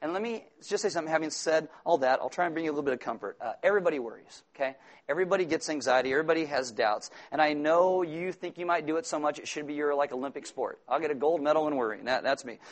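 A male pastor preaching a sermon in a conversational, often humorous way, rising to emphatic repetition at times. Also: fairly high pitch.

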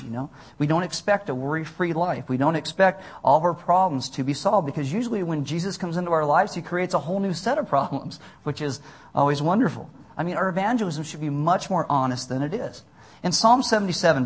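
A young man preaches in a loose, conversational way, with a husky, slightly breathy edge to his voice. His pitch sits a little high for a man. He reads scripture aloud between offhand asides. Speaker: pastor. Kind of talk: sermon.

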